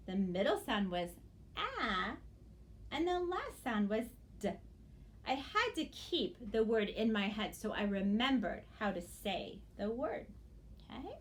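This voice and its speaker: A woman teaching young children phonics speaks slowly, drawing each word out sound by sound. Her pitch swings widely in a sing-song teacher voice. She pauses often to check the children are following.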